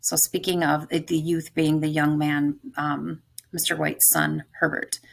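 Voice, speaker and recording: A woman teacher with a low, gravelly voice walks through a story line by line. She muses aloud in a thoughtful, unhurried way, pausing to question the text. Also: little pitch movement. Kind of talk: close-reading lesson.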